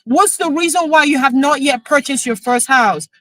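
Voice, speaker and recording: A woman, a real estate coach chatting emotionally on a live stream, excited as she talks. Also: sits high, moderate pace, no echo, poor audio. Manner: excited, emotional, switching into French.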